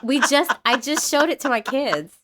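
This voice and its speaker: Middle-aged woman just chatting on a podcast, lively storyteller, laughs easy. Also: high-pitched, normal speed. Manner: animated storyteller, laughs often. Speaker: podcast co-host. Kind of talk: casual chat.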